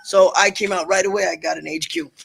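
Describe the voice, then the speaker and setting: Middle-aged male comedian guest, gravelly, animated storyteller. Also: high voice, quick pace, slight background noise. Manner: joking, animated, profane. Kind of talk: storytelling in a casual interview. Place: studio. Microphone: large studio microphone.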